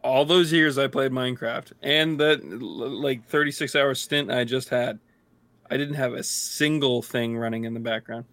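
A man's voice: mid-range voice, fairly even intonation, moderate pace, a bit bright, no echo. A man co-hosting a podcast, chatting casually with a sarcastic, swearing manner. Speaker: podcast co-host. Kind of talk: casual chat.

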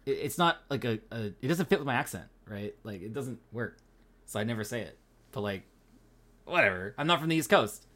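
A podcast co-host from the Pacific Northwest of the USA, this man has a mid-range, fairly bright voice, brisk and lively in its intonation. His talk is relaxed and casual, packed with fillers and peppered now and then with swearing.

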